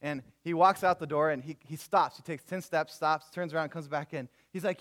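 A man's voice: fairly high pitch, a little fast, few pauses. A young man preaching a sermon, telling stories casually and acting out the people in them. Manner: animated storytelling with voiced characters, casual slang. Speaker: youth preacher.

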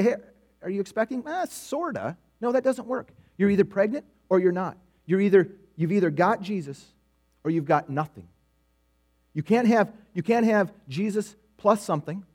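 High-voiced man preaching a sermon. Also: darkish tone. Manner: conversational storytelling preaching with repetitions.

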